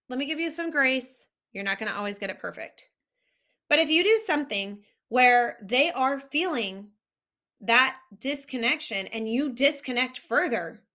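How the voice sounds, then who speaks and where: Bright, fairly high-voiced woman coach talking straight to you, earnest and direct. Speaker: marriage recovery coach. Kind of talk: direct-to-camera advice talk.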